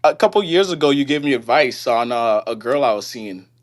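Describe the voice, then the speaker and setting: A man's voice: medium pitch, lively intonation. A man calling in to a live stream, earnestly telling a work story in casual conversation. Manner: earnest, recounting a story, pauses and restarts. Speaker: caller. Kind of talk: casual call-in chat.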